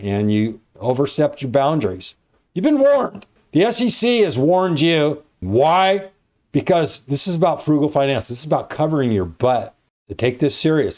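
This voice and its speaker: Man, finance host, blunt cautionary lecture, fairly high voice, repeats for emphasis. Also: a little mellow. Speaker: personal finance video host. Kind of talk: lecturing to camera.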